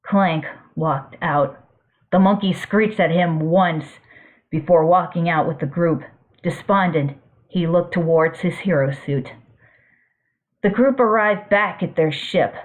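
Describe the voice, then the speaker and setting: A woman reading a fan-fiction story aloud in a plain, steady way. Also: on the low side, slow. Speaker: story reader. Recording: tinny phone-like audio.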